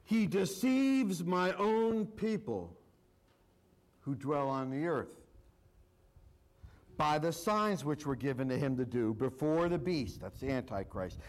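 A man's voice: mid-range voice, expressive, measured pace, low-quality recording. A male pastor preaching a sermon, reading scripture aloud and repeating his points with emphasis.

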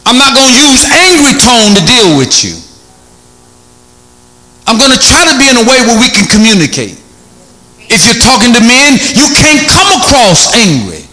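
Animated, high-voiced male preacher. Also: echoey room. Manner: animated, shouting bursts, acts out tones. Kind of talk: energetic sermon.

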